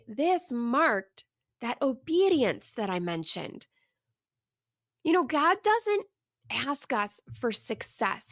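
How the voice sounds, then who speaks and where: A woman hosting her own podcast, telling a personal story in an animated, emphatic way and asking the listener reflective questions. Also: sits high, dry recording, studio quality. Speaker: podcast host.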